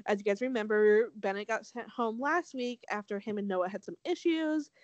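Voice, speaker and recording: A young woman from Southern California co-hosting a podcast, recapping a show in quick, animated casual chat and swearing freely. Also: mid-range voice, dry recording, highs cut off. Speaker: podcast co-host.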